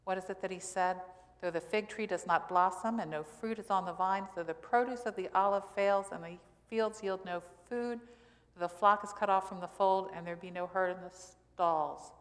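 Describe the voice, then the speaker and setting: A woman's voice: medium pitch, fairly even intonation, normal speed. A woman pastor giving a sermon in a conversational style, asking the congregation questions as she goes. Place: church sanctuary. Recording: church hall reverb.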